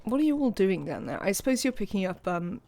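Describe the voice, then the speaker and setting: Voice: mid-range voice, sing-song, fast talker, vocal fry, a little mellow. Chatty English live game streamer. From England. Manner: chatty, greets viewers and scolds game characters. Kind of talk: live video game commentary.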